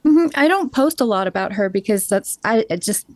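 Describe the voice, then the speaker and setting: A woman's voice: mid-range voice, expressive, fairly quick, no room sound. A woman with a mid-range voice chats as a guest over a video call. She talks like a Valley girl, saying like often and laughing easily. The sound is dry and close. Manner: self-described Valley girl talk, says like a lot, laughs easily. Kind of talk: casual video-call chat.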